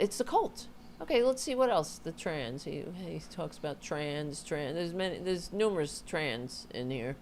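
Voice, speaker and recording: A woman hosting a political commentary show, reacting to clips with exasperated, sarcastic remarks. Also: mid-range voice.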